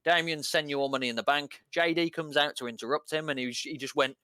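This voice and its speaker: Smooth-voiced man recapping casually. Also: a little high, steady tone, fast talker, few pauses, pushed and bright, no echo. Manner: rambling, filler-heavy play-by-play retelling. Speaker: podcast co-host.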